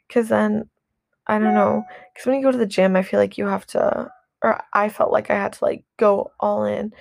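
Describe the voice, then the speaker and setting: Chatting about her daily routine, a young female vlogger rambles candidly, swears, leans heavily on "like," and keeps restarting her sentences. She speaks at a medium pitch with vocal fry and a darkish tone, captured in clean studio sound without echo.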